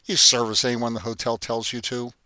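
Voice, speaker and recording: A man's voice: mid-range voice, little pitch movement, a little fast, bright, forceful tone, no room sound. A man voicing a curt, domineering hotel boss. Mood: commanding. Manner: curt, commanding.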